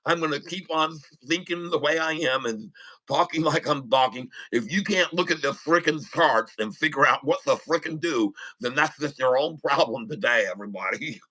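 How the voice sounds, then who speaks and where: A man with a noticeable lisp talks casually on a live trading stream, rambling and joking with frequent laughs. His voice sits a bit high and sounds very bright and forceful. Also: poor audio. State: lisping. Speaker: day trader livestreaming.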